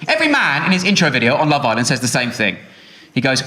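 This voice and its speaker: A man's voice: mid-range voice, wildly swooping pitch, quick pace, bright, forceful tone. A man in his thirties doing stand-up, exasperated and swearing. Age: 30s. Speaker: stand-up comedian. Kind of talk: stand-up comedy. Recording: echoey club with noise.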